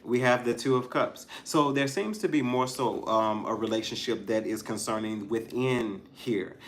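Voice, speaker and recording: A man's voice: mid-range voice, moderate pace. A man giving a casual tarot reading to his viewers, thinking aloud, restarting his sentences and talking straight to them. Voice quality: musing, stops and restarts, soft laughs. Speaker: tarot reader.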